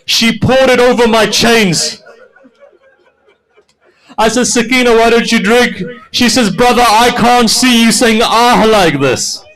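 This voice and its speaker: A man delivering a mourning sermon, narrating stories with quoted dialogue. He moves from quiet storytelling to a high, loud, wailing climax. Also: takes it slowly, rough recording. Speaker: preacher.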